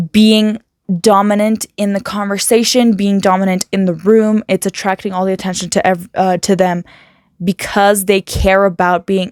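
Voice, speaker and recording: A woman talking casually to camera in a motivational vlog, chatty and animated, full of quick asides and filler words. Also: medium pitch, clean tone, no room sound, clean studio sound. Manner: chatty and talkative, self-described loud. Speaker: motivational vlogger.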